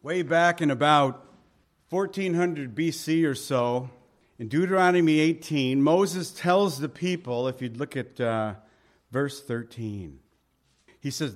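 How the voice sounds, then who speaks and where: A man's voice: on the high side, slow. A man preaching a sermon and leading prayer as a pastor, in a plainspoken, conversational and earnest way.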